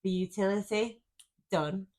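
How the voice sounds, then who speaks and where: A woman co-hosting a podcast in casual chat, teasing with deadpan banter. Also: medium pitch, measured pace. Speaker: podcast co-host.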